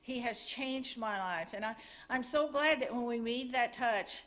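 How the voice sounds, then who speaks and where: A woman's voice: on the high side, measured pace, fairly bright tone. A middle-aged woman giving a testimony and a missions update in church, earnest and chatty, a little nervous.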